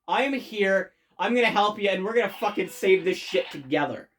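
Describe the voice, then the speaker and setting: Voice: medium pitch, expressive, moderate pace, a little hiss or hum, lightly acted. Midna, a bossy imp companion, as a reviewer quotes her. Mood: resolute. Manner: bossy then warm.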